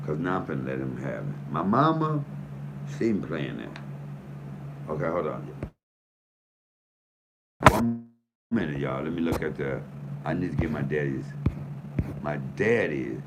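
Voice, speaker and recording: Man, 50s, comedian: low gravelly voice, profane and heated, noisy phone recording. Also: animated, moderate pace, pauses often. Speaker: comedian host. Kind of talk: casual emotional monologue.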